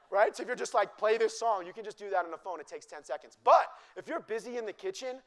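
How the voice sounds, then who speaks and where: Chatty, wisecracking man demoing a dish for a live crowd, fairly high voice. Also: animated, brisk. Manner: joking, teasing and chatty with the crowd. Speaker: chef giving a live cooking demo. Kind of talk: live cooking demonstration to an audience.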